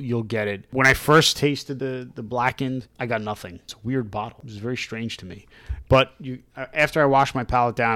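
A man co-hosting a casual podcast, chatty, reading out tasting notes in a flat list-like way on a close mic. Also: medium pitch, dry recording. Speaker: podcast co-host.

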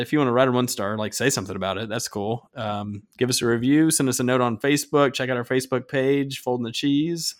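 A man co-hosting a casual podcast, joking around and giving listener shout-outs. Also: medium pitch, fairly even intonation, fast talker, few pauses. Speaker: podcast co-host.

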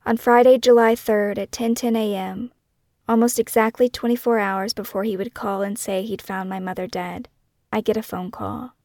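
A woman narrating her own true-crime memoir podcast as host, in a measured, brooding way that weighs one question after another. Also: medium pitch, steady tone, dark tone, dry recording, studio quality.

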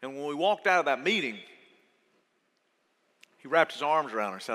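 A man preaching a sermon as pastor, earnest and conversational, going from soft to loud. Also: on the high side, sing-song, moderate pace. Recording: long reverb of a church hall.

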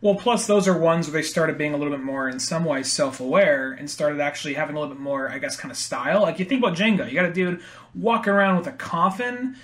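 A man's voice: a little high, quick pace, a bit bright. Man chatting casually about movies. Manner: rambling, acts out quotes, swears casually.

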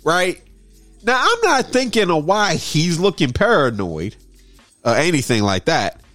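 A man with a lively, swooping voice spins a story in loose, casual chat. He sits a little higher than most men and jumps between the people he quotes. Faint music plays underneath. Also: unhurried, no echo. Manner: animated, acts out everyone in the story.

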